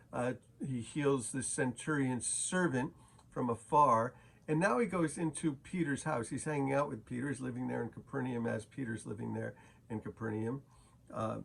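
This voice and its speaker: A man's voice: medium pitch, gravelly. A man teaching a daily Bible chapter as a pastor, casual and conversational, with frequent fillers and restarts.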